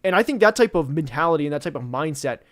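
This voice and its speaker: A young man chats loosely about football as a podcast host, circling back on his points with plenty of fillers and false starts. His voice sits a little on the high side for a man. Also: lively intonation, fast. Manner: rambling, many fillers and restarts. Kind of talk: casual football talk.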